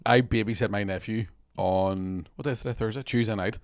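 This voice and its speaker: A man, chatting casually on a podcast in a relaxed, drawling, sweary way. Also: on the low side, brisk, a little hiss or hum. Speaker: podcast host. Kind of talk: casual chat.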